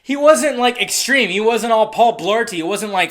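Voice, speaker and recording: Young movie reviewer ranting, swears a lot, goes from mumbling to yelling. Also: medium pitch, measured pace. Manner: profane and excitable, swinging from muttering to shouting. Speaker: film reviewer. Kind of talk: casual ranting film review.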